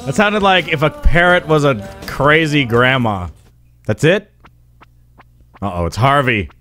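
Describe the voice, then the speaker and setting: A man commentating on a video game live, excitable and quick to yelp and swear in frustration. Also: faint music behind. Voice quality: high-pitched. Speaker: gaming livestreamer.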